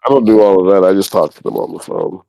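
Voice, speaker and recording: A man's voice: sits low, very animated, fast talker, vocal fry, dark tone, poor audio. A young man casually telling a funny story on a podcast, in a laid-back, jokey way. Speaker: podcast co-host. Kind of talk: casual chat.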